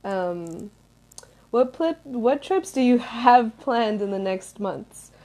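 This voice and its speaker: A woman's voice: fairly high pitch, expressive, slow pace, dark tone. Chatty young American woman vlogging. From United States. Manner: rambling, chatty, many fillers and restarts. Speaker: vlogger answering viewer questions. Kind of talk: casual Q&A chat.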